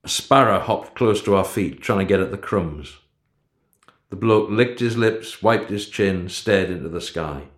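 A man reading a story aloud as narrator, in a measured, unhurried manner. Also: low voice. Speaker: audiobook narrator. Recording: roomy echo.

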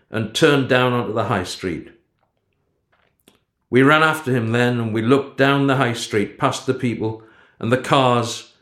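A man reading a story aloud as narrator, in a measured, unhurried manner. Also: mid-range voice, fairly bright tone. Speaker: audiobook narrator. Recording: roomy echo.

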